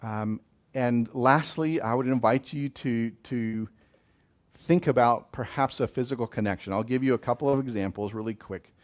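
Man, gentle pastoral talk, mid-pitched voice, emotional, reflective. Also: normal speed.

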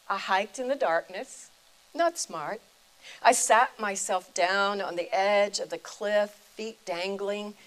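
An older woman, a retired chaplain and preacher, shares a personal faith story in a deliberate, reflective manner. Her voice is medium-pitched and a bit bright, though the audio quality is poor.

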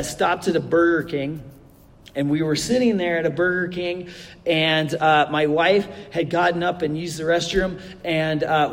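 A man's voice: fairly high pitch, in a large hall. A middle-aged man, a pastor giving a sermon and telling a funny personal story with many fillers.

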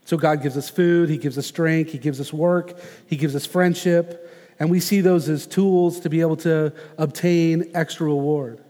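High-voiced preacher man in a reverberant hall. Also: fairly even intonation, dark tone. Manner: earnest, measured preaching with slow emphatic phrases. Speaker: pastor. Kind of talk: sermon.

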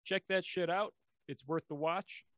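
A man's voice: sits high, unhurried, a bit bright, no echo. Sarcastic man on a dry video call. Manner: sarcastic, joking. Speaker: podcast co-host. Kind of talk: casual chat.

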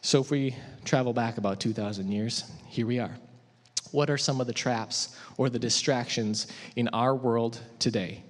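A man preaching a sermon in a conversational, animated way, asking his audience questions. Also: medium pitch, normal speed. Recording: echoey hall.

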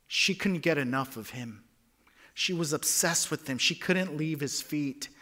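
Bright-voiced man preaching a sermon. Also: fairly high pitch, unhurried. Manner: dynamic, swings from hushed whispers to loud emphasis. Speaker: pastor.

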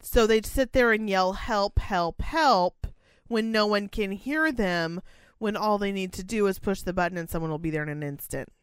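A blunt young woman talks casually, with dry sarcasm and the odd swear word. Her voice is smooth and clear at a middling pitch. The sound is close and dry, with no room behind it. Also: a little fast, no echo. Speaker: care home worker, podcast co-host. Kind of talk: casual chat.

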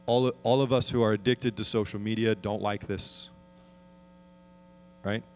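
A man preaching a sermon as pastor, earnest and conversational, often asking the congregation questions and slowing down to read scripture. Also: fairly low pitch, fairly even intonation, a little mellow, a little hiss or hum.

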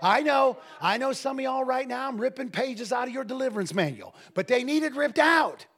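A man preaching a sermon to a congregation, telling stories emphatically and breaking into shouts and laughter. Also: extremely high pitch, moderate pace, slightly rough. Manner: emphatic, swings into shouting and laughter, lively storytelling. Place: church service with a congregation.

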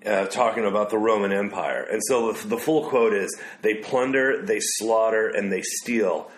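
Male podcast co-host, lowish voice, thoughtful and easygoing, roomy echo. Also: normal speed. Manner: reflective, reads quotes aloud, laughs easily. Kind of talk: casual conversational discussion.

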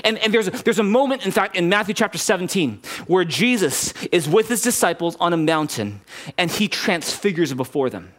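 A man's voice: sits high, lively intonation, normal speed, a bit bright. A male pastor preaching a sermon in an earnest, conversational way, often restarting his sentences.

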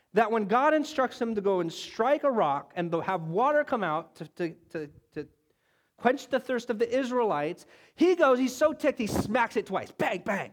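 A man preaching a sermon, telling Bible stories in an animated way and acting out the voices of the people in them. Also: high-pitched, moderate pace. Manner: animated storytelling, acts out biblical voices. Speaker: pastor.

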